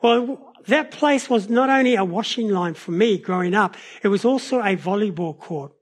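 A New Zealand man delivers a sermon in a notably high voice, telling personal stories animatedly. He moves at a moderate pace overall while shifting his speed and loudness as he goes.

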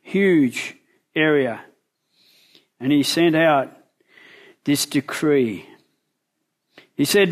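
Slow, high-voiced male preacher. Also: expressive. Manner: asks the listeners questions, retells the story vividly. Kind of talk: sermon with Bible storytelling.

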